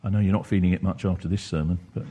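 A man's voice: sits low, fairly even intonation, rapid-fire, warm tone, a little hiss or hum. A man preaching a sermon, reflective and questioning, rising at times into impassioned bursts.

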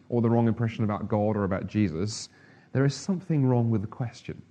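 A middle-aged man delivering a sermon in a relaxed, conversational manner. His voice sits in a mid-range pitch, and he breaks up his points with humorous asides. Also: highs cut off. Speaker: preacher.

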